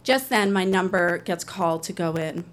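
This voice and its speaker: A woman's voice: fairly low pitch, moderate pace. A woman telling a personal story on stage, in an earnest, conversational way, briefly acting out other people's voices.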